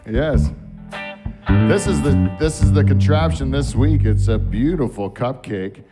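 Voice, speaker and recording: A man's voice: mid-range voice, expressive, unhurried, loud music behind the voice. A man hosting a late-night show, bantering bluntly and swearing freely. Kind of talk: casual on-air banter.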